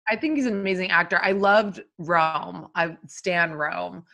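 A woman's voice: on the low side, measured pace, vocal fry, a bit bright. A young adult woman co-hosting a podcast, gushing in casual film chat, full of fillers. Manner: gushing, filler-heavy, laughs easily. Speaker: podcast co-host.

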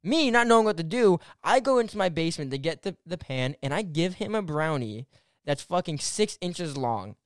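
Animated young man telling a rambling story. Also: a little high, normal speed, clear, resonant tone, no room sound, clean studio sound. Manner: rambling, full of "like" fillers and restarts; animated, swears and laughs through the story. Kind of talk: casual anecdote telling.

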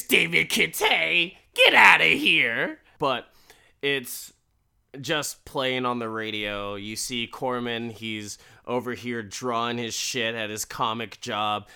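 A man casually recapping a show, animated and profane, breaking into quoted voices and laughing. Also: medium pitch, clean tone.

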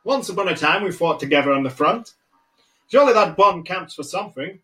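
A man doing a pompous little gnome gent who stammers and wheedles in a lifted, higher voice, fussing over every word, with faint music playing underneath. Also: expressive, fairly quick, sharp tone. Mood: flustered pleading. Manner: stammering, wheedling, self-important. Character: fussy, pompous male gnome gentleman.

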